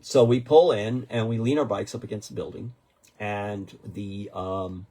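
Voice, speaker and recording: Gravelly, husky man in his sixties. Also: fairly low pitch, measured pace. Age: 60s. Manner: rambling, animated storyteller with many restarts. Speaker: podcast co-host. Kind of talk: casual storytelling chat.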